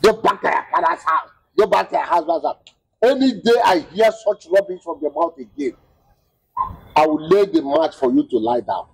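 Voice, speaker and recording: A man's voice: high voice, sing-song, moderate pace, gravelly, breathy edge, no echo, heavily acted. An actor with a Nigerian accent playing a scheming older village father who scolds and mocks in a film drama. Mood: scolding. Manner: scolding, mocking, with local-language exclamations. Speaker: father of a grown daughter. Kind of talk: Nollywood film acting.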